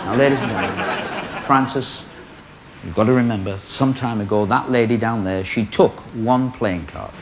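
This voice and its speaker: A man's voice: lowish voice, moderate pace, some chatter behind, rough recording. A man hosting a magic show, bantering in comic stage patter before a live audience. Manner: teasing, animated showman banter. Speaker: magician host. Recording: studio audience laughter and noise.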